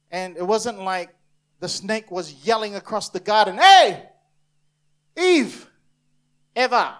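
A man from New Zealand preaches to a congregation in a church. His voice sits high, and his delivery is emphatic, with playful asides where he acts out the voices of the people he is talking about. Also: fairly bright tone. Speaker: pastor. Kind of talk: sermon.

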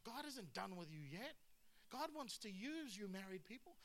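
A man preaching a lively sermon with humor and asides. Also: high voice, moderate pace. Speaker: pastor.

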